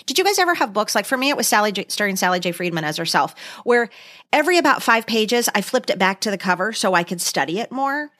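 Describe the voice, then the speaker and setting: A woman's voice: mid-range voice, big pitch swings, quick pace, a bit bright. A woman co-hosting a podcast, chatting casually with nostalgic enthusiasm. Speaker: podcast co-host. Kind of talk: casual chat.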